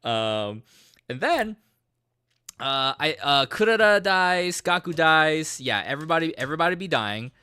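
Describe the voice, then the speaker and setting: A man casually recapping a video game's story, animated and swearing, rambling with lots of fillers. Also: a little high, unhurried, clean tone, no echo, clean studio sound. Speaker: gaming video creator.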